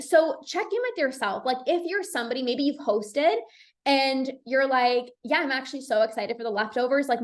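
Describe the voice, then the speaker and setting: A young woman hosting a solo podcast as a binge eating coach, talking casually and reassuringly, with lots of "like". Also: high voice. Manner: chatty, says "like" a lot, reassuring.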